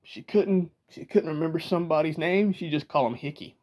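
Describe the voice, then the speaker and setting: A man's voice: a little high, fairly quick, highs cut off. A man from Georgia with a Southern accent, talking casually to the camera and chatting about regional accents with rambling asides and laughs. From Georgia, USA.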